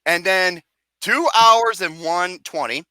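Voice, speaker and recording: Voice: medium pitch, slow, bright, forceful tone, no echo. A film reviewer ranting profanely and acting out scenes with mock wails and singing.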